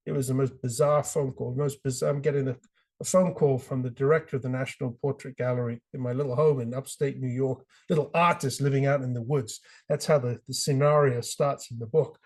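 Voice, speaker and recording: A middle-aged man with a British accent, talking as a podcast guest. He tells his story with passion, often slipping into voices for quotes, at an ordinary pitch for a man. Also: darkish tone. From Britain. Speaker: author guest. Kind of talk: podcast interview.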